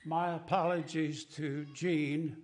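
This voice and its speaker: A man's voice: a little high, fairly even intonation, slow pace, a little mellow. A man giving a folksy, joking talk to a congregation. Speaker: lay speaker at a congregation service. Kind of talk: humorous talk with slides. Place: congregation hall.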